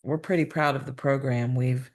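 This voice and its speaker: A man co-hosting a talk about relationships, speaking casually with hesitant fillers. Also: mid-range voice. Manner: slow and relaxed, hesitant fillers. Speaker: relationship coach, co-host.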